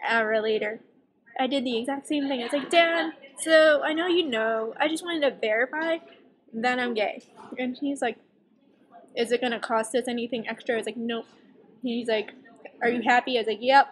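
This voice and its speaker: A young woman tells a story to the camera for a casual vlog. Her voice sits fairly high, and she talks in a chatty, animated way, acting out the lines of the people she quotes. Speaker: vlogger.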